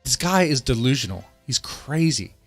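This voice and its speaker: A man's voice: mid-range voice, big pitch swings, normal speed, husky, soft background music. A man streaming live, reacting to a video in a heated, profane rant and often repeating himself and restarting sentences.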